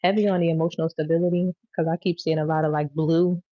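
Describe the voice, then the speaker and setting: A woman's voice: low voice, level tone, fast talker, no room sound, highs cut off. A woman giving a casual tarot reading, talking in a slangy, blunt and playful way. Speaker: tarot reader.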